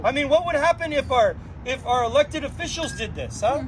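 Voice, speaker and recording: A man leading a drum circle gathering, giving an inspirational talk, playful and animated, full of rhetorical questions. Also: extremely high pitch, fairly quick, a crowd in the background, rough recording. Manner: asks frequent rhetorical questions.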